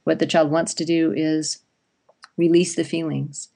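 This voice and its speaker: A woman's voice: low voice, flat delivery, a little slow, vocal fry, warm tone. A woman, a parenting expert guest, explaining and telling stories in conversation, acting out parent and child lines. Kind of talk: conversational interview.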